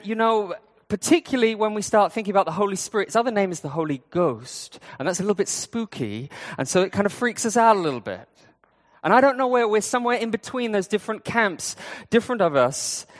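A man's voice: sits high, animated, brisk, long reverb tail. A man preaching a sermon in an easygoing, conversational way, with fillers and restarts. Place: church.

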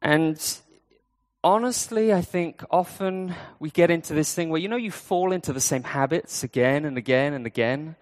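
A man's voice: fairly high pitch, moderate pace. Conversational preacher, man, echoey church. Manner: conversational, with fillers and restarts. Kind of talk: sermon.

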